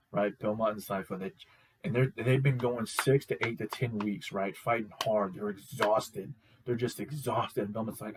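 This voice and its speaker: A young man hosting a casual video review. He talks excitably, repeats himself and uses slang. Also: medium pitch, husky, poor audio. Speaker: host, reviewer. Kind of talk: casual enthusiastic show review.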